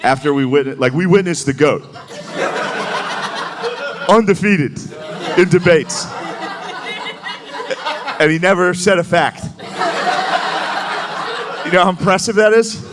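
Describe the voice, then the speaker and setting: A man in his thirties doing a live stand-up set, with a loose, rambling delivery full of "like"s and quick impressions. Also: high-pitched, a crowd in the background, noisy background. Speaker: stand-up comedian. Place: comedy venue with a laughing audience.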